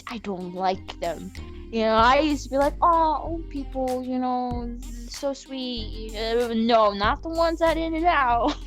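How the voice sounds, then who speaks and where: Young woman, high voice, animated and sweary, casual podcast rant over faint music. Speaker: podcast panel member.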